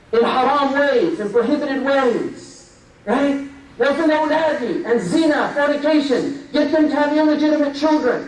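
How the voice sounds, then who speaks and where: Brief: emphatic male preacher, high-pitched voice, heard from a distance. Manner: emphatic, rhetorical questions. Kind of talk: sermon. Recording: echoey room, distant mic.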